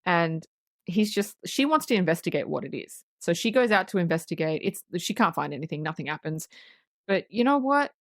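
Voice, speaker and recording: A woman's voice: lowish voice, sing-song, fairly quick, dry recording. Blunt woman recapping a film, dry. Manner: blunt, swears, retells the plot. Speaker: podcast co-host. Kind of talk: casual plot recap chat.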